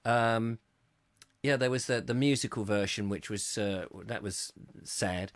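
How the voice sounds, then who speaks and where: A man hosting a live chat show, reading out viewer comments with jokey, mock-indignant asides, his throat going a little hoarse. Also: lowish voice, a little slow, dry recording. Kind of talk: casual ranty live-stream chat.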